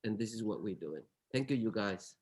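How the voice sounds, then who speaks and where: A man's voice: fairly low pitch, lively intonation, brisk, darkish tone. A man speaking as a curator on a panel, earnest and searching, often restarting his sentences. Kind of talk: reflective panel remarks.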